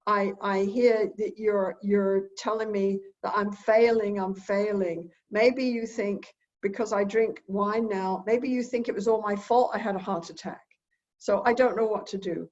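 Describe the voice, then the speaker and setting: An anxious, overwhelmed middle-aged husband stumbles over his words and says the same things again and again, as a woman quotes him. The voice sits at an ordinary middle pitch. The recording is dull and lo-fi. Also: steady tone, a little mellow, lightly acted. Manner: halting, repeats himself.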